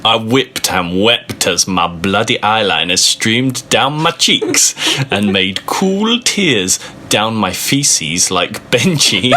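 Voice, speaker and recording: A man's voice: mid-range voice, sharp tone. A man giving a comic reading aloud, with sarcastic, amused asides and free swearing. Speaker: reader of a fan fiction. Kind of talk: comedic dramatic reading with mocking asides.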